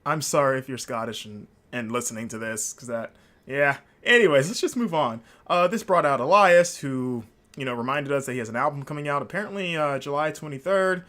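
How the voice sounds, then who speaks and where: A man hosting a solo podcast, talking casually at a middle pitch. He rambles and restarts often, with plenty of fillers, and he sounds openly enthusiastic. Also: expressive, a little fast, a bit bright. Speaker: podcast host.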